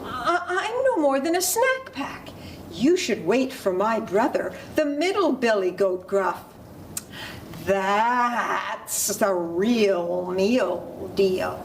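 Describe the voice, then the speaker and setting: A woman storyteller voicing a tiny, timid young billy goat in a squeaky, pleading voice. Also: big pitch swings, a little slow, distant mic, a little hiss or hum.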